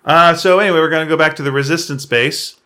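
Bright-voiced sarcastic podcast host. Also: male voice, fairly high pitch, fairly even intonation, fast talker. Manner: sarcastic, rambling storytelling with mock quotes. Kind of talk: casual film-recap chat.

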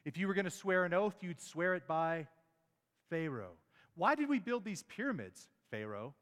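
Male pastor mid-sermon, emphatic and questioning, slightly raised pitch, in a reverberant church hall. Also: big pitch swings, normal speed, fairly bright tone. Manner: emphatic, rhetorical questions, stumbles on words.

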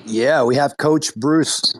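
A man's voice: medium pitch, slow pace, a little hiss or hum. A man co-hosting a casual online audio chat, joking and swearing loosely, calling in from his dining room at home. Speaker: co-host of crypto audio space. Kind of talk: casual banter.

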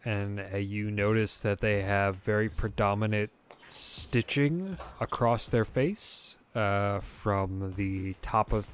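Slow, low-voiced man running a tabletop game, rambling descriptions, faint music behind. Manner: relaxed, rambling description with fillers. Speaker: game master.

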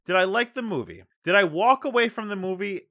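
Male co-host, higher bright voice, animated movie recap, dry mic. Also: a little fast, no echo. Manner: animated, swearing, acts out characters' lines. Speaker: podcast co-host. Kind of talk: casual movie recap chat.

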